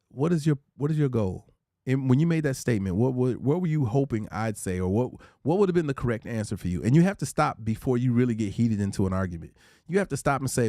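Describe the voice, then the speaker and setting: A man hosting a casual livestream, talking through relationship advice in an easygoing, preachy way and shouting out his chatters by name. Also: mid-range voice, no echo, studio quality. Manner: reads out viewer comments and shouts out chatters; laid-back, conversational, preachy about relationships. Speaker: livestream host.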